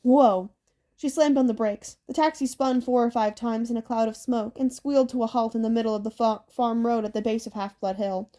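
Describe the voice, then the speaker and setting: A woman narrating an audiobook in a steady storytelling read. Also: fairly high pitch, fairly quick, hardly any pauses.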